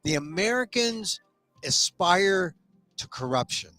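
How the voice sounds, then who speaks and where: A man's voice: sits high, very animated, takes it slowly, bright, forceful tone, no room sound, faint music behind. A man hosting a casual political chat, talking in an emphatic way and often repeating his phrases. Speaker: host.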